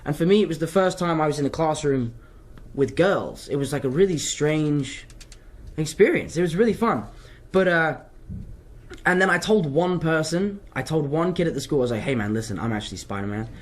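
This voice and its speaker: A man's voice: a little high, animated, normal speed. A young man with an English accent, from London, answering fan questions in a casual live Q&A and rambling off track as he chats. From London, England. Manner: rambling, chatty, wanders off track.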